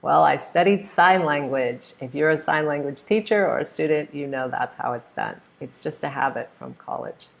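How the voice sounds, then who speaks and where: A young American woman teaches pronunciation online. Her voice sits low and carries a gravelly fry. She stretches out the stressed syllables in her examples, and now and then she acts out short scenes to show her point. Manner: slow, exaggerated modelling of stressed syllables.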